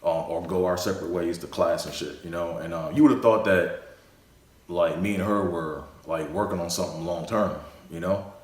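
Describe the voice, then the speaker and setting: A man's voice: sits low, normal speed. A young man telling a casual story, rambling and full of fillers. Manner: rambling, full of "you know" and "like". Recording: echoey room.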